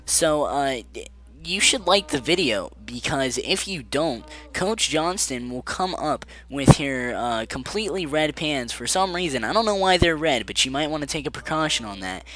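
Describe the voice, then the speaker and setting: A man's voice: a little high, lively intonation, moderate pace, fairly bright tone, faint music behind. A man telling a story from his school days in a casual, sarcastic vlog.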